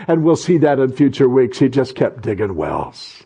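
A middle-aged male pastor preaching a sermon, fervent and repetitive, swelling into loud exhortation and stumbling into restarts during asides. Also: medium pitch, big pitch swings, normal speed, gravelly, hardly any pauses, slightly rough, low-quality recording.

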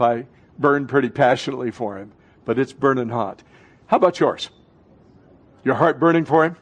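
A man preaching a fervent sermon as pastor, swinging between loud, urgent lines and hushed ones. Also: medium pitch.

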